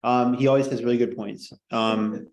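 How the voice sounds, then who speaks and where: A man of ordinary pitch lectures a class in a classroom. He rambles and cracks jokes, with plenty of fillers between points. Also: little pitch movement, moderate pace, a little mellow, slight background noise, rough recording. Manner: rambling, joking, heavy on fillers. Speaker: teacher.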